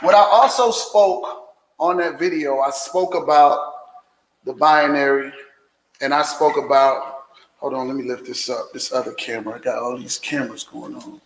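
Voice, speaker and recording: A man giving an emphatic, preachy motivational business talk on a livestream, repeating phrases and sometimes shouting. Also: medium pitch, moderate pace, long reverb tail, noisy background. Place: indoor room filming himself on several cameras.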